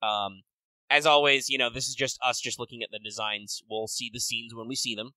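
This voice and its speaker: A man co-hosting a podcast in casual chat, rambling and swearing with quick bursts of excitement. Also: mid-range voice, no echo, low-quality recording. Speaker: podcast co-host.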